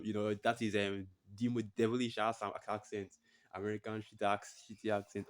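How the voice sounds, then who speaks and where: A man's voice: fairly low pitch, fairly even intonation, moderate pace, fairly bright tone. A man giving blunt, profane religious commentary that he breaks up with scripture readings, repeating his phrases for emphasis.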